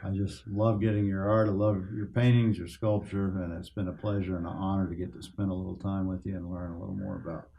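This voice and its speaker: An American man hosting an interview, speaking softly and briefly, then reading a closing promo. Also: sits low, level tone, quick pace, creaky, few pauses, lo-fi sound. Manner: soft-spoken, brief affirmations, then promotional readout. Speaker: interview host and gallery owner. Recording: music under the voice.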